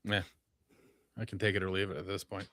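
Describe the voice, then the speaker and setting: A man in his forties co-hosting a podcast, talking in a dry, low-key way with halting fillers. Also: little pitch movement, fairly bright tone, no echo. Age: 40s. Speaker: podcast co-host. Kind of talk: casual chat.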